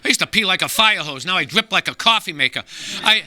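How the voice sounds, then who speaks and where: A man performing a stand-up comedy set as guest comedian, gruff and wisecracking, slipping into voices. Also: sits high, animated, fast, noisy background. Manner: gruff, wisecracking storyteller who slips into voices. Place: small live venue.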